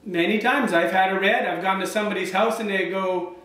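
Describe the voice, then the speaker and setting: A man's voice: high voice, steady tone, fairly quick, a bit bright, recorded from a distance. A middle-aged man, chatting casually through a home wine review and drifting into anecdotes. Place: room at home, filmed by his wife. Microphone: camera mic from a distance. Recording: very echoey room, voice from off-mic.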